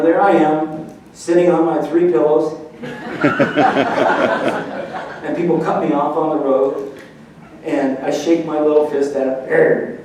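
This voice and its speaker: A man's voice: high voice, noisy background. A man giving a humorous keynote speech, telling stories and acting out voices for laughs. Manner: storytelling, acts out voices for laughs. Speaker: motivational speaker. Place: large hall. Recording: echoey hall from far off.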